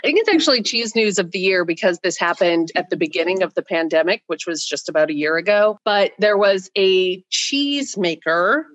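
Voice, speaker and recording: A woman's voice: on the low side, animated, fast talker, few pauses, fairly bright tone, dry recording, dull audio. A woman co-hosting a podcast in casual chat, teasing and telling stories. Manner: teasing, storytelling. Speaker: podcast co-host.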